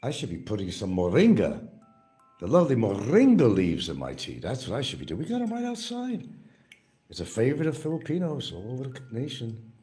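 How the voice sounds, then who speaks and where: A man's voice: medium pitch, huge pitch swings, brisk, mellow, faint music behind. A man talking casually and wryly on a home livestream, drifting into sing-song bits and baby talk to his dogs. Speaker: livestream vlogger.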